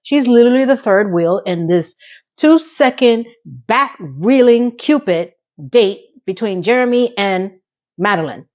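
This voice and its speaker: A woman's voice: mid-range voice, lively intonation, unhurried, a little mellow. Chatty woman recapping a show, dull audio. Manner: chatty and conversational, with asides, mock sound effects and impressions of characters. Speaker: TV episode recap host. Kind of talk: casual chatty recap commentary.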